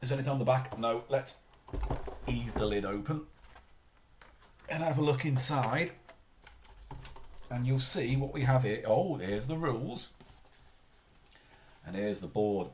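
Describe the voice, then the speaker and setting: A man's voice: medium pitch, animated, a little slow, long pauses, slight background noise. A man chatting casually on a live stream, rambling and often interrupting himself mid-sentence.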